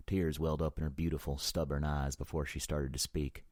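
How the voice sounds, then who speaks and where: A man narrating an audiobook in the first person with a measured, brooding delivery. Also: a bass voice, flat delivery, a little mellow, no room sound, clean studio sound.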